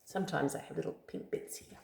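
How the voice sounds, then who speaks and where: A woman reading a picture book aloud to a child, slow storytelling with friendly asides. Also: darkish tone, a little hiss or hum. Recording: echoey room.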